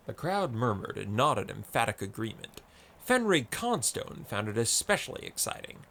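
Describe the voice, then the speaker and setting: A man narrating an audiobook story in a measured, descriptive way. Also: medium pitch, sing-song, creaky, fairly bright tone, slight background noise.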